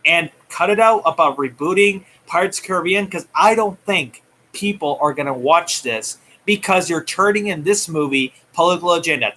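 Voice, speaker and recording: Bright-voiced man ranting heatedly. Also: fairly high pitch, normal speed. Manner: heated, taunting, swings loud and soft. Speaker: movie news vlogger. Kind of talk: ranting commentary.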